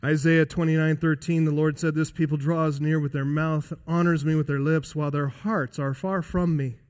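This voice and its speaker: A male pastor preaching a sermon emphatically, swinging between loud high emphasis and quiet low drops. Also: fairly even intonation, normal speed, in a large hall. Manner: emphatic preaching with wide swings in pitch and loudness. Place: church sanctuary.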